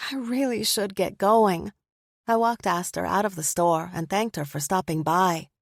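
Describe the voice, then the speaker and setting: Expressive woman narrating a story. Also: fairly low pitch, no room sound, studio quality. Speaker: audiobook narrator. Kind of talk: scripted first-person narration.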